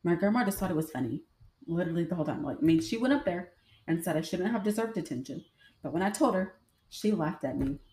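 Young woman, chatty storyteller, lowish voice, mellow tone. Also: animated, fast talker, a little hiss or hum. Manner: chatty, rambling, with many fillers. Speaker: vlogger. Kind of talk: casual storytelling to viewers. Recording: echoey room.

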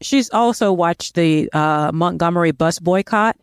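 A woman's voice: lowish voice, unhurried, clear, resonant tone, no room sound, clean studio sound. A woman co-hosting a podcast in casual chat, explaining in an earnest, emphatic way. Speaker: podcast co-host.

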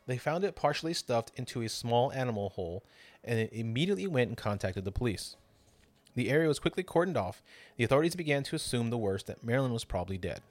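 A man's voice: medium pitch, expressive, quick pace, no room sound, faint music behind. A man hosting a podcast, narrating a true crime story with drama and casual swearing. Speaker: podcast host.

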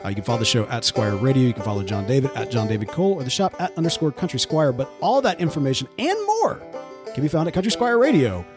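A man co-hosting a podcast in casual, animated chat with many restarts. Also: medium pitch, quick pace, music in the background. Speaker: podcast co-host.

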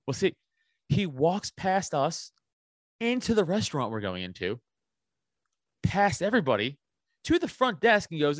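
A man, a podcast guest, telling a story in casual chat, animated and full of swearing. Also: fairly high pitch, measured pace, long pauses, no echo, studio quality.

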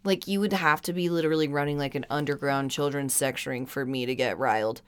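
A woman's voice: a bass voice, fairly even intonation, a little fast, clean tone. A woman co-hosting a podcast in casual chat, often chiming in with short agreeing replies. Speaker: podcast co-host.

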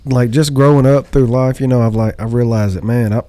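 A man's voice: mid-range voice, fairly even intonation, brisk, dark tone. A married man co-hosting a podcast, talking casually in an earnest, rambling way with some swearing. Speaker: podcast co-host. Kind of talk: casual chat.

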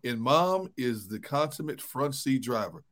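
A man's voice: mid-range voice, measured pace. Middle-aged man telling stories on sports talk. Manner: relaxed storyteller, chuckles often. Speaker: sports radio co-host. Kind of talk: casual chat.

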